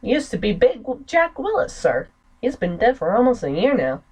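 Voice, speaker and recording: A woman's voice: on the high side, big pitch swings, moderate pace, a little mellow, husky, voice pushed up. A woman reading the lines of an old male gardener in a game, deferential and dry, with an American accent.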